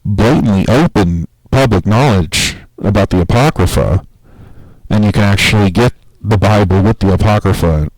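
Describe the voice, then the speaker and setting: A man talking casually on a podcast in a rambling, profane, animated way. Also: low voice, dry recording, low-quality recording. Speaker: podcast host.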